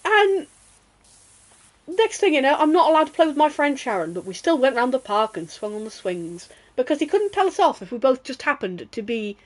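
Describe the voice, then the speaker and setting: Streamer, female, chatty storyteller, mid pitch, laughs easily. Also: low-quality recording. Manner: chatty, animated, laughs while telling. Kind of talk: casual storytelling while gaming.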